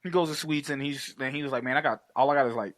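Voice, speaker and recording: Animated, profane man recapping a film. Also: mid-range voice, fast, dry recording. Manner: animated, profane, acts out scenes in voices. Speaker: podcast co-host. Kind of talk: casual film recap chat.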